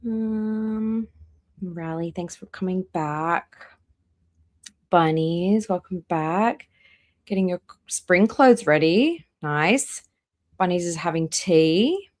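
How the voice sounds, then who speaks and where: Chatty woman greeting stream viewers, low voice. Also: animated. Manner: chatty, reads out viewer names one by one; drawn-out welcomes, trailing off quieter. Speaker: live-stream reaction host. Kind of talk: casual live-stream chat, greeting viewers.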